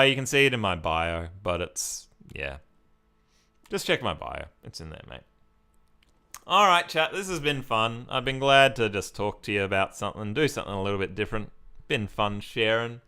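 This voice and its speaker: A man's voice: mid-range voice, very animated, moderate pace, sharp tone, clear, resonant tone. An Australian man from Victoria, chatting casually on a live stream as he reads and answers viewer comments.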